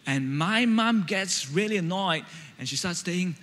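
A Malaysian man in his thirties delivers a sermon with a notably high voice. He talks conversationally, telling stories and checking in with the congregation. His words ring out with the long reverb of a church hall. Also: lively intonation, unhurried, fairly bright tone. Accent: Malaysian English. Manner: conversational, storytelling, frequent "right?" check-ins. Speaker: preacher.

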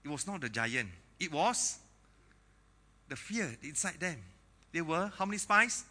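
Bright-voiced lively male preacher. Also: a little high, measured pace. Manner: lively preacher, jokes and laughs with congregation. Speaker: pastor. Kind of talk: sermon.

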